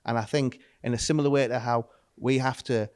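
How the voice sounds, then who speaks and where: A man's voice: mid-range voice, fairly even intonation, brisk, darkish tone, clean tone, dry recording. A man speaking as a pastor guest on a podcast, earnest and reflective. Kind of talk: casual discussion.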